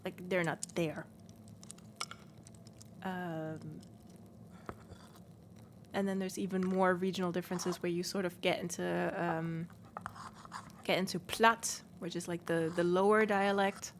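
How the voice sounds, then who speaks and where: Native German woman, northern accent, casual streamer chat full of fillers, faint noise bed. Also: on the low side. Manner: chatty, explains with many fillers. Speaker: let's play streamer.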